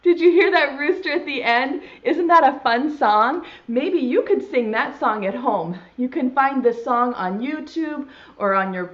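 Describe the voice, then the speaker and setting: A woman leading a virtual preschool circle time as teacher, cheerful and sounding out letters slowly for small children. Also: sits high, lively intonation, a bit bright, dull audio.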